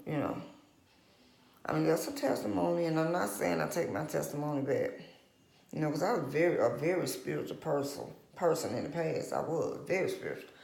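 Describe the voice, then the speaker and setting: Gravelly older woman, roomy echo. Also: deep voice, a little mellow. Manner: rambling, candid storytelling with quoted dialogue. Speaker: vlogger giving a testimony. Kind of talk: personal testimony, casual talk.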